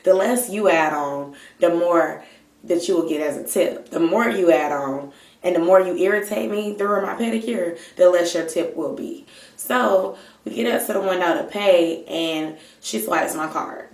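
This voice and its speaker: A woman vlogger telling a story in a casual, animated and exasperated way, swearing freely. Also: lowish voice, moderate pace. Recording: roomy, mic at a distance.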